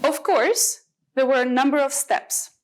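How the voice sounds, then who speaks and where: Slow, high-voiced woman giving a motivational talk. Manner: expressive, rhetorical questions, deliberate pauses. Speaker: English teacher educator. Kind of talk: motivational speech.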